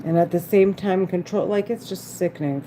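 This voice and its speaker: A woman's voice: lowish voice, moderate pace, dark tone, slight background noise. A woman vlogger talking to camera in an agitated, repetitive, rambling monologue. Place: at home, doing her makeup.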